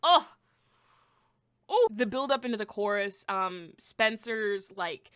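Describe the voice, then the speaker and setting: A young woman hosting a podcast, giving a casual album review, excitable and blunt, swearing freely as she gushes and rants. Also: mid-range voice, a little slow, smooth. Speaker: podcast host.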